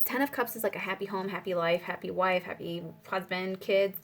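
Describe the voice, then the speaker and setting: A young woman with a lowish voice gives a casual spiritual tarot reading, speaking a little fast in a steady tone with few pauses. She rambles, leans heavily on fillers, and breaks off now and then to pray aloud.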